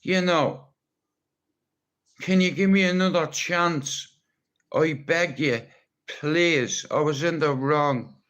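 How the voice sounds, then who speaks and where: A man with an Irish accent rambles through a live stream at an unhurried pace. He is blunt and teasing, and he swears freely. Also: fairly high pitch, fairly bright tone. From Ireland. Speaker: livestreamer.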